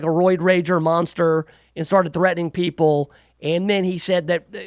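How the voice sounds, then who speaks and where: A man's voice: sits high, clear, resonant tone, dry recording, clean studio sound. A man hosting a talk radio show, delivering a rambling, sarcastic monologue full of jokey asides. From United States. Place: radio studio.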